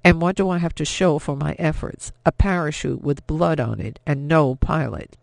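A man's voice: fairly high pitch, normal speed, vocal fry, no echo. A man playing a scared German captain. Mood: agitated. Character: frightened German army captain, man, drinking.

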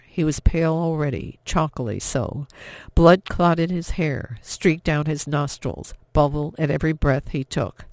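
Gravelly male audiobook narrator. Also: fairly high pitch, darkish tone, no echo. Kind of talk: scripted narration.

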